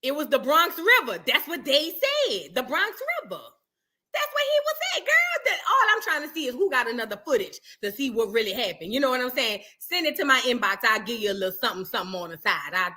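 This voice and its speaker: A high, bright woman with a New York accent, hosting a reaction show. She chats loosely, reads articles aloud and breaks off into animated asides. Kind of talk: casual reaction chat.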